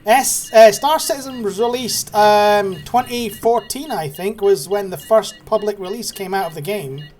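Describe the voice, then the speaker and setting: A man's voice: high voice, normal speed, few pauses, darkish tone. A British man giving chatty, cheeky live-stream commentary while playing a game, swearing casually. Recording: faint background noise.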